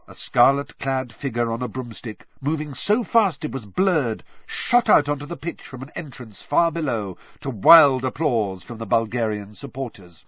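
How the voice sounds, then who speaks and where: A man narrating an audiobook in a slow, expressive storytelling manner with a husky voice. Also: mid-range voice, dry recording. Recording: dry, slightly dull recording.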